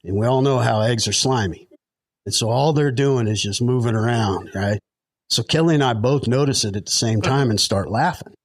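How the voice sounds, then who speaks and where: Man, middle-aged, rambling storyteller, chuckles, medium pitch, dry close sound. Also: normal speed, no echo. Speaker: podcast guest. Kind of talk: casual storytelling.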